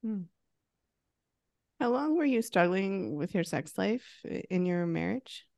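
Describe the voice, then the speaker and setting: Slow-spoken reflective woman host. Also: medium pitch, big pitch swings, gravelly, darkish tone, no echo, studio quality. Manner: reflective and empathetic, thinking aloud. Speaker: podcast host. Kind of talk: conversational interview.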